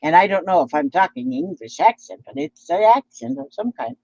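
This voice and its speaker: A woman's voice: fairly low pitch, lively intonation, fairly quick, a little mellow, breathy edge, dry recording. A woman from Minnesota with a Midwestern American accent, chatting in a rambling, playful way while she crafts and reads out viewer comments. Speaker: craft vlogger. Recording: dull lo-fi home recording.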